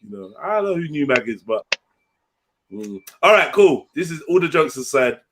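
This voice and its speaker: A man's voice: fairly high pitch, big pitch swings, moderate pace, noisy background. A young man hosting a livestream, joking, swearing and laughing in slangy casual banter. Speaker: livestream host.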